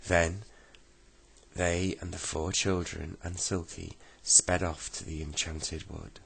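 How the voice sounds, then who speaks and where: A man reading a children's bedtime story aloud as its narrator, at a slow and gentle pace. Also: sits low, level tone, gravelly, breathy edge.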